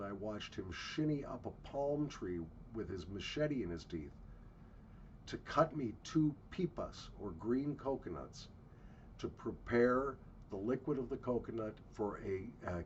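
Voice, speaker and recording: A man's voice: medium pitch, animated, measured pace, darkish tone. A man telling travel stories in a blunt, profane ranting monologue while walking outdoors. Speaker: travel vlogger. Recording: muffled with faint ambient noise.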